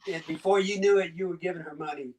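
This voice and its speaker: A Cuban-born man in his sixties with a slight Southern US accent, telling his story as a guest in a casual interview, halting and chuckling as he goes. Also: sits high, steady tone, crowd noise. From Cuba. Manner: halting, chuckling, many restarts. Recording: distant mic.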